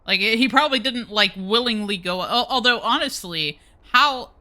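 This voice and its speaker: A woman in casual chat about a game with her friend, laid-back and quick to laugh. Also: fairly high pitch, lively intonation, bright, forceful tone. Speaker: co-host friend.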